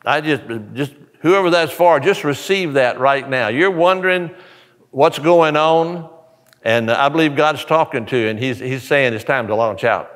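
A male pastor preaching a sermon in a church, telling the story with animated delivery and acting out the characters. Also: a little high, moderate pace, long reverb tail. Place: church sanctuary.

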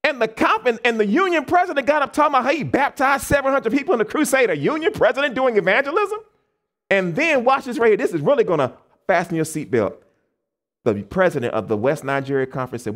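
A man's voice: very high voice, quick pace. A man from the United States preaching a camp meeting sermon, asking the congregation questions and acting out the people he quotes. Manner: animated, call-and-response questions to the congregation; acts out quoted people in changed voices.

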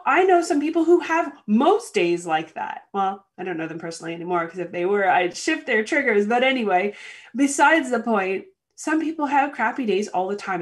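A woman coach giving a motivational talk, telling an everyday story with lively, acted-out annoyed inner voices. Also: mid-range voice. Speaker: coach hosting a show.

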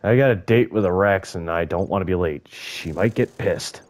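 A man's voice: low voice, moderate pace. A young man giving casual, profane gameplay commentary, joking and talking to the creatures on screen. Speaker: gaming YouTuber.

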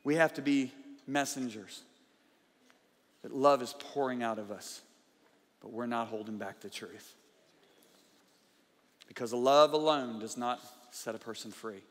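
A man preaching a conference sermon, emphatic, swinging from loud bursts to quiet intensity. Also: medium pitch, a little slow, long pauses. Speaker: guest preacher. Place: large church conference hall. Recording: live hall with long reverb.

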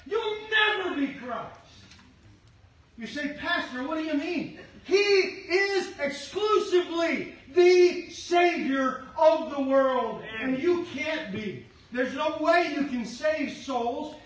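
A middle-aged man preaching a sermon as pastor, fervently shouting his exhortations to the congregation. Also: very high voice, slow pace, hardly any pauses. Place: church sanctuary. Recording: echoey sanctuary from far off with faint hum.

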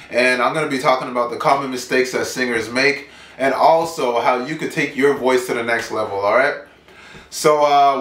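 A man's voice: mid-range voice, fairly bright tone. A man teaching singing in a casual, upbeat online lesson, chatting and singing short demo lines. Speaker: vocal coach. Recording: roomy sound, mic at a distance.

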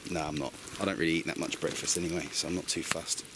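A man's voice: very deep voice, little pitch movement, fast talker. A man chatting to camera at a rainy woodland camp at night, upbeat and self-mocking as he cooks over a fire. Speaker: vlogger. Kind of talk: casual chat to camera. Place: woodland campsite outdoors in rain at night. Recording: loud rain and crackling outdoors.

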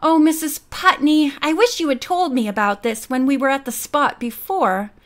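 A bold teenage girl detective from a storybook mystery, friendly and encouraging. A woman reads her in a high, clear voice, coaxing and reassuring. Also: normal speed, lightly acted.

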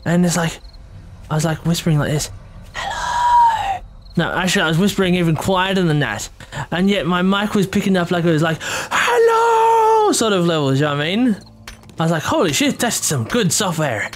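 A playful gameplay commentator talking in a hushed voice at home at night, humming silly sound effects while working. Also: mid-range voice, fast. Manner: hushed, keeping quiet for a sleeping household.

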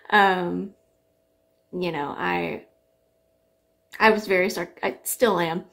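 A woman's voice: lowish voice, steady tone, drawn-out words, creaky, pauses often, a bit bright. A young adult woman with a dry, sarcastic manner, telling rambling stories to camera with lots of fillers while sniffly from allergies. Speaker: singer reacting to songs. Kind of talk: casual storytelling to camera.

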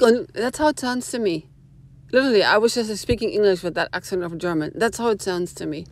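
A woman's voice: mid-range voice, quick pace, dry recording. A woman talking casually to her phone camera in a rambling, opinionated monologue full of asides. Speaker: vlogger. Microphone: small phone camera.

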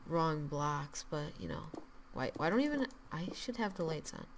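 A low-pitched gaming channel host builds in a video game at normal speed, mostly muttering quietly to herself in a sing-song way, repeating words and restarting phrases. She turns loud and cheery when signing off, over a noisy background.

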